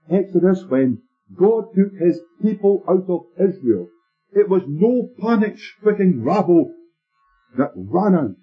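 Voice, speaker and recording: A man preaching a sermon, telling stories in a measured, emphatic way. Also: sits high, breathy edge. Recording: tinny lo-fi sermon tape with faint music.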